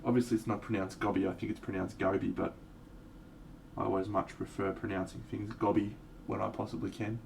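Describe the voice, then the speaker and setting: Gravelly low-voiced man chatting while painting. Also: a little fast. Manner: relaxed, rambling, self-mocking asides. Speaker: miniature painting streamer. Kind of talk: casual live tutorial talk. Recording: distant mic with faint background noise.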